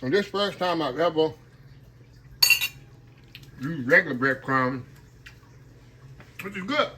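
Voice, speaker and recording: A man runs a relaxed home cooking show, talking casually and calling everyone "y'all". His voice sits a little high. Loud sizzling oil and kitchen clatter fill the space behind him. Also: slow. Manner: folksy and chatty, often calls viewers "y'all", laughs at his own jokes. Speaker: home cooking channel host. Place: home kitchen with shrimp frying. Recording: clear frying and kitchen noise. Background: oil sizzling and frying sounds.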